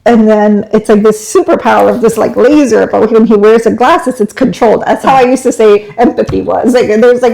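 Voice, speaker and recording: Woman cohost chatting away, warm mellow tone, earnest and rambly. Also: a little high, fairly quick, gravelly, few pauses, poor audio. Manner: chatty, earnest, trailing sentences. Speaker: podcast co-host. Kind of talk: casual chat.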